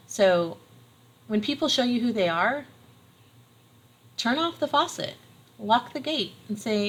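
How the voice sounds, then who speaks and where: A woman's voice: a little high, lively intonation, slow, long pauses, a little hiss or hum, low-quality recording. Encouraging woman giving a tarot reading. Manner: earnest, encouraging, repeats phrases for emphasis. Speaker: tarot reader. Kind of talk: casual tarot reading monologue.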